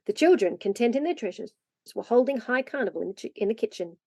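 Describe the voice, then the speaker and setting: A woman reading a classic children's story aloud, lively and expressive. Her voice is fairly high. The recording is dry and close, with no room echo. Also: fast, husky. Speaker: reader.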